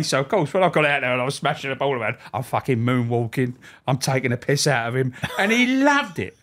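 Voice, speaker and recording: A man, a former prison officer, telling profane, animated stories as a podcast guest. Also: medium pitch, quick pace, hardly any pauses. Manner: animated, profane, laughing storyteller. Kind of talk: anecdotal storytelling.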